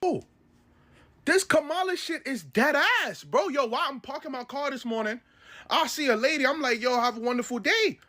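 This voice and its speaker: A man's voice: lively intonation, moderate pace, sharp tone. A man with a New York accent ranting in heavy slang, exasperated and swinging his voice up and down. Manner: exasperated, heavy slang, swings between high and low pitch. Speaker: man ranting in a viral clip. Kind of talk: animated street-talk rant.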